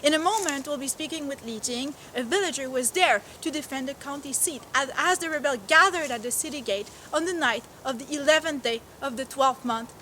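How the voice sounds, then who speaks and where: Woman anchor, high voice, scripted, faint background hiss. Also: fairly quick, few pauses, low-quality recording. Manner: bright, scripted anchor delivery. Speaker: news show host. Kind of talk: mock news presenting.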